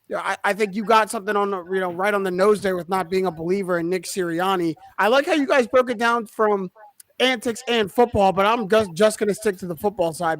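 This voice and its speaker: A man's voice: sits high, fairly bright tone. A man making an assertive, argumentative case in a casual sports discussion. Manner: assertive, argumentative, some restarts. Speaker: podcast panelist playing a prosecutor.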